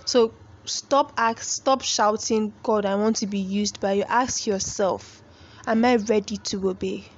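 A woman's voice: medium pitch, fairly even intonation, a little slow, dull audio. A young woman hosting a faith podcast, speaking earnestly and pleading with listeners like a preacher. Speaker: podcast host.

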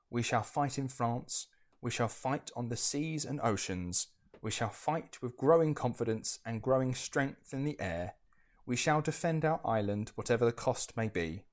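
A man doing an impression of an elderly male wartime statesman, delivering a defiant speech in slow, grave oratory. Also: mid-range voice, lively intonation, lightly acted.

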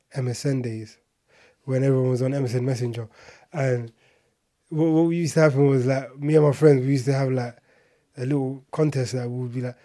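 A man's voice: medium pitch, dark tone. A man casually telling a personal story, chatty and full of filler words and asides.

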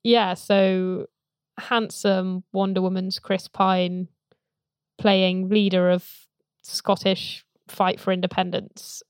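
A woman's voice: medium pitch, flat delivery, slow, clean tone, no echo. Chatty woman reviewing films, dry mic. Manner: chatty, laughing, mocking quotes. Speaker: podcast co-host. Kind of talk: casual film review chat.

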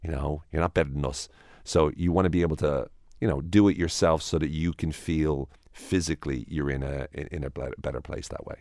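A man with an extremely low, deep voice explains his ideas as an interview guest. He often restarts his sentences and acts out the voices in people's heads. The sound is dry and close. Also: fairly even intonation, fairly quick, mellow, no echo. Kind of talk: conversational interview.

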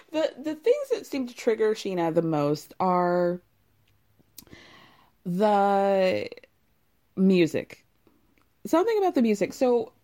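Woman host, warm mellow tone, chatty and opinionated. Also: medium pitch. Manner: opinionated, gossipy, laughs often. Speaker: host recapping a reality show. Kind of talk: casual chatty commentary.

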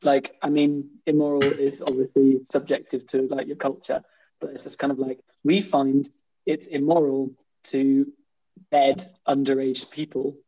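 A man's voice: medium pitch, little pitch movement, unhurried, mellow, poor audio. A man in casual podcast chat, rambling and hesitant, filling with "like" and "I mean". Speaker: podcast co-host.

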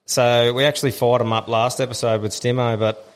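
A man's voice: mid-range voice, flat delivery, fairly quick, long reverb tail. An Australian man hosting a podcast, matey and informal, calling his guest bro as he reads out questions. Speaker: podcast host. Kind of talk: casual interview chat.

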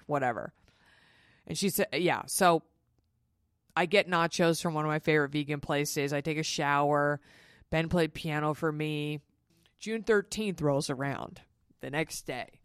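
A woman's voice: low voice, clear, resonant tone, no room sound, clean studio sound. A woman, hosting a podcast and telling a personal story in a frank, profane, chatty way. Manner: frank and profane, quick asides. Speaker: podcast host.

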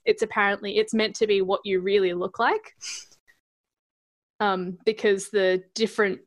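An Australian woman with an Adelaide accent, chatting casually as a podcast co-host, hesitant with ums and quick to laugh. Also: medium pitch. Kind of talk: casual chat.

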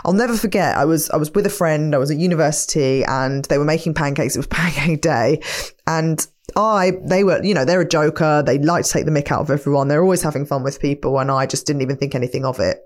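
A woman's voice: low-pitched, quick pace. A woman hosting a podcast, telling a personal story in an earnest, reflective motivational monologue. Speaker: podcast host.

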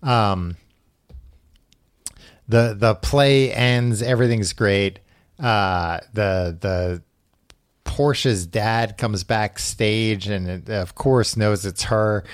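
A man's voice: on the low side, very slow, clean tone, dry recording, clean studio sound. A man hosting a podcast, recapping a book in casual chat with a wry storytelling manner. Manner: wry, storytelling with acted quotes. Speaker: podcast host.

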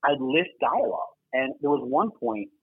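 A man's voice: mid-range voice, expressive, moderate pace, gravelly, husky, dry recording. A man telling a story casually as a guest, swearing and filling his talk with fillers. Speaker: guest, former double agent. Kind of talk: animated storytelling. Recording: tinny phone-like line.

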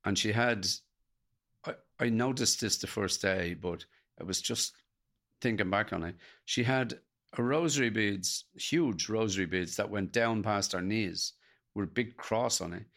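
Older Irish man with a gravelly voice. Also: on the low side, a little slow, a bit bright. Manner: earnest, plain-spoken, reflective storytelling. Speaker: guest. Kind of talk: personal storytelling in a podcast interview.

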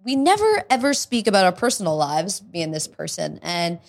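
A woman co-hosting a podcast in a loose, chatty way, her pitch swinging up and down as she tells stories. She laughs often and keeps things lively. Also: a little fast, vocal fry. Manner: laughs often, animated storytelling. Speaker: podcast co-host. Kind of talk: casual chat.

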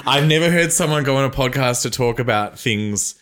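A man's voice: mid-range voice, animated, fairly quick, fairly bright tone. A man, chatting and teasing as a podcast guest. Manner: teasing, chatty, laughs often. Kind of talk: casual chat.

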